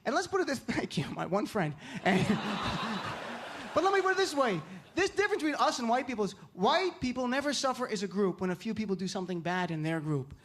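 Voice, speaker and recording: Guy doing standup, pretty high voice, punchy and animated, loud audience noise all around. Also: a little fast. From Lodi, New Jersey. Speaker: stand-up comedian. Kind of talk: stand-up comedy. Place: comedy stage. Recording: live venue with audience noise.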